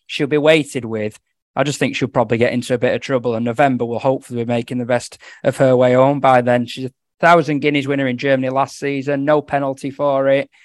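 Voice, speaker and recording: A man giving casual horse racing tips on a podcast, talking quickly through form with a joking edge. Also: mid-range voice, flat delivery, no room sound, clean studio sound. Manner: quick, chatty form analysis with jokes. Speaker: racing tipster.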